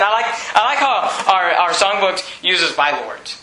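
Emphatic male pastor mid-sermon, high ringing voice, roomy church sound. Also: very animated, moderate pace, hardly any pauses, pushed and bright, a little hiss or hum. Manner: emphatic, preaching with frequent restarts and read-aloud hymn lyrics.

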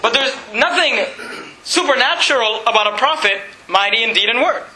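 A man preaching a sermon, retelling a scripture story in animated, conversational storytelling. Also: very high-pitched, normal speed, echoey room, low-quality recording. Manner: animated storytelling, acting out voices.

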